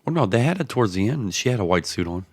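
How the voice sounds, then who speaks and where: A man co-hosting a podcast in casual chat while sick, his voice deep like a movie-trailer narrator, dry and joking. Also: big pitch swings, fast, husky, no echo. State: sick, with a deeper voice than usual. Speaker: podcast co-host.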